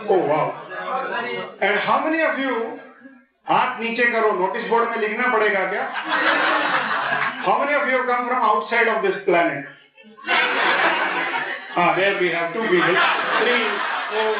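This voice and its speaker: A man's voice: high voice, a little fast, pauses often, a loud crowd. A middle-aged man with an Indian English accent, a guest speaker giving a playful motivational talk that quizzes and jokes with students. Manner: playful, joking, quizzing the audience. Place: large lecture hall. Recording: echoey hall, distant dull mic.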